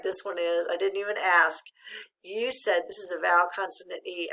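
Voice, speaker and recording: Encouraging teacher woman, gravelly bright voice. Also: on the low side, steady tone, fairly quick. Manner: encouraging, patient, praising. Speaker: reading teacher. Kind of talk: phonics lesson to a child.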